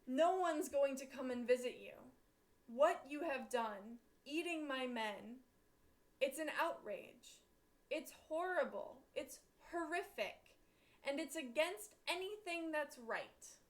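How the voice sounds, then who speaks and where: A woman reading aloud the lines of a clever male hero who scolds a monster, in an earnest, reproachful way. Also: high-pitched.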